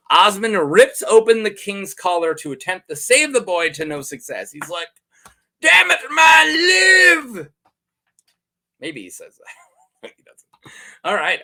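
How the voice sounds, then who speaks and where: A man hosting a casual lore video, breaking off for jokey asides and quick self-corrections. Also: on the high side, pushed and bright.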